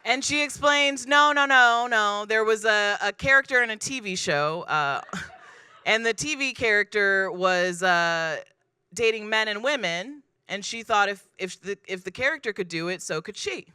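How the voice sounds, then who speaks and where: A woman performing a stand-up comedy set on a club stage, deadpan and self-deprecating, acting out the people in her stories. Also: mid-range voice, normal speed, clear, resonant tone, no room sound.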